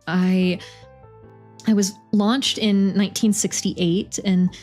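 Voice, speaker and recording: A woman voicing a shy, halting space probe. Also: medium pitch, steady tone, darkish tone, soft background music, close to an everyday voice. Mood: hesitant. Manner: hesitant, halting, awkward.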